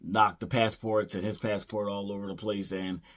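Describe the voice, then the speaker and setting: A man's voice: lowish voice, fairly even intonation, moderate pace. A man reviewing a movie in a casual retelling, rambling with lots of fillers and restarts and briefly acting out the characters' lines. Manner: playfully acts out character lines.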